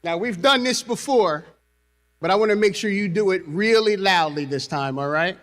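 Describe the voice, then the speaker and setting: A man's voice: high voice, moderate pace, fairly bright tone. A man giving a convocation speech as university president, rousing the crowd and leading call and response.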